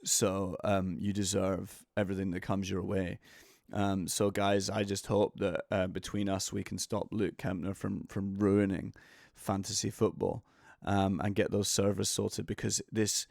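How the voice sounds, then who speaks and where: A deadpan, grumbling male sports star, as a man puts him on. The voice sits low and barely moves, with a gravelly fry running through it. The recording is dry and close. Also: unhurried, dry recording. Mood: deadpan furious. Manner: deadpan complaining.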